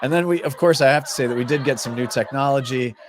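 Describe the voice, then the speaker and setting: A man's voice: medium pitch, fast, background noise. A man with a Minnesota accent hosting a podcast interview, chatty and joking, laughing at his own stories. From Minnesota, USA. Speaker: podcast host. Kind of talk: casual interview chat.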